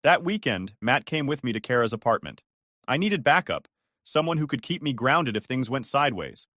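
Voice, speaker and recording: A man's voice: mid-range voice, normal speed, no room sound, studio quality. A man narrating a first-person family drama story, acting out the voices. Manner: expressive, acts out dialogue.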